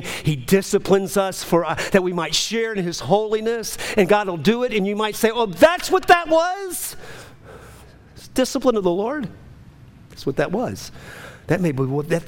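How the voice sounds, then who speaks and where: A man preaching a sermon, swinging between urgent, rising pleas and low, quiet passages. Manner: impassioned, rising to urgent high pleas then dropping low. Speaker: pastor.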